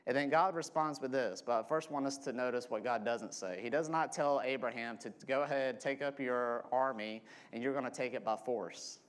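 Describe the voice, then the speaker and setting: Male preacher, sermon delivery at mid pitch, restates key lines, asks "okay?" often. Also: moderate pace, few pauses, smooth.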